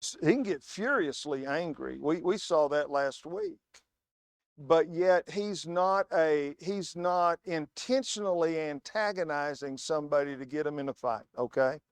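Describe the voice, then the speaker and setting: A man delivers a sermon as a guest preacher, pressing his points with emphatic stress and spinning anecdotes in a storytelling manner. His voice sits a little high for a man. The sound is close and dry, with little room echo. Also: unhurried, smooth. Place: church.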